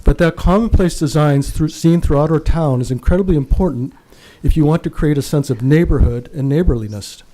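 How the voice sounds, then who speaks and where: A man speaks at a council chamber podium, earnest and emphatic, clearly reading from prepared notes. His voice is mellow and warm. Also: fairly high pitch, a little fast, few pauses. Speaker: public commenter. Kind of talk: prepared public comment at a council meeting.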